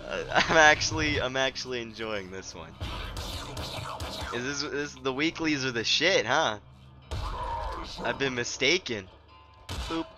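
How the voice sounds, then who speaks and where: Young male game commentator, tired and unhurried, profane, with outbursts over clear game music. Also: mid-range voice, lively intonation. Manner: profane, tired, mumbling with sudden loud outbursts. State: sleep-deprived. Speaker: gameplay commentator. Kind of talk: casual gaming commentary. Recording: game music playing underneath.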